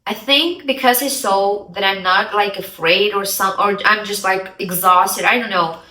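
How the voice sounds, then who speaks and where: Lady chatting through a story, bright voice, echoey room, mic a bit far. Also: mid-range voice, moderate pace. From Russia. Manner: chatty, acts out the dialogue, many "like" fillers. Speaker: vlogger. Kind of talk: casual storytelling. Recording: roomy, somewhat distant mic.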